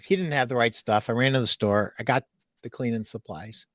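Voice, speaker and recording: A man hosting a podcast, telling a funny story in a lively way and laughing as he goes. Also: medium pitch, normal speed, no echo, clean studio sound, soft background music. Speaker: podcast host. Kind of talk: casual storytelling.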